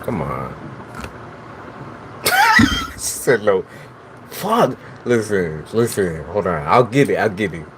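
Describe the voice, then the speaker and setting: A man's voice: lowish voice, huge pitch swings, slow, pauses often, very noisy. Teasing man chatting live with viewers. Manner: teasing, profane, talks straight to chat. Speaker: tarot reader host. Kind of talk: casual live-stream chat with viewers.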